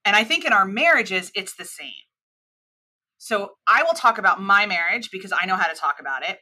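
American woman in her 30s, bright clear voice, talks on and on explaining stuff, mid-atlantic accent. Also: medium pitch, brisk. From United States. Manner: animated, expansive explainer. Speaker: podcast guest, cross-cultural expert. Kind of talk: conversational interview.

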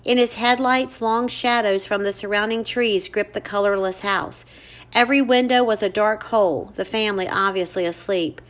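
A woman narrating a ghost story in a measured, suspenseful way. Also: medium pitch, fairly bright tone. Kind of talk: scripted narration.

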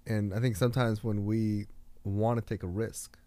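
Man, low voice, mellow, earnest motivational storytelling, dry close mic. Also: steady tone, normal speed, no room sound. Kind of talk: casual podcast chat.

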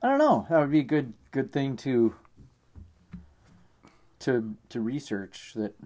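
A man in casual conversation, talking in halting, rambling sentences with frequent restarts. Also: medium pitch, big pitch swings, mellow. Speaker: podcast co-host. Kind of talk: casual beer-tasting chat.

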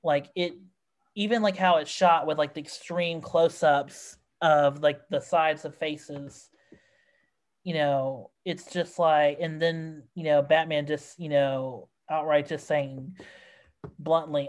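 Podcast host, slow talker, rambling, exasperated, mid pitch. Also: fairly even intonation. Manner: rambling, exasperated, many fillers. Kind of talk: casual film review chat.

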